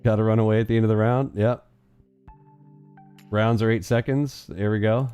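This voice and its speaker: Mellow-voiced joking man hosting a trading stream. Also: fairly low pitch, fairly even intonation, moderate pace, clean tone, lo-fi sound, soft background music. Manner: joking, rambling, playful sound effects. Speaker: live trading stream host. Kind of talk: casual chat while trading live.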